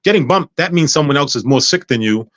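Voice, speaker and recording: A man's voice: fairly high pitch, a little fast, dry recording. A man speaking as a guest on a podcast, telling a personal story casually and acting out what other people said. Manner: animated, acts out other people's words.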